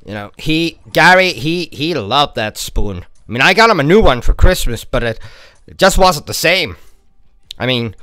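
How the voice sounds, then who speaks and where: A man's voice: a little high, normal speed, clean tone, no room sound. A man doing a grizzled, rambling detective. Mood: faltering. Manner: deadpan, faltering, rambling. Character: grizzled coffee-addicted male detective, rambling. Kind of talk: spoof sponsor ad.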